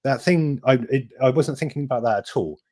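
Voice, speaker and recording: A man's voice: mid-range voice, brisk, mellow, no room sound. A man from Wiltshire with a West Country English accent, chatting as a podcast guest, rambling and restarting his sentences. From Wiltshire, England. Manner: rambling, self-interrupting, laughs easily. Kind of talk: casual podcast chat.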